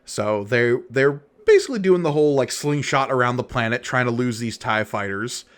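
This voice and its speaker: A man co-hosting a podcast, walking through a comic book page by page. He talks in an easygoing, conversational way at a middle pitch. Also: normal speed. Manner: relaxed, recaps the story page by page. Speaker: podcast co-host. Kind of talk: casual comic book discussion.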